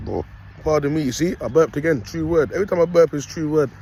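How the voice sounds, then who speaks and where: A man's voice: fairly high pitch, quick pace, mellow, slight background noise. A young man, rambling in a casual preaching monologue full of street slang and repeated "you get me". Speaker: self-styled prophet vlogger.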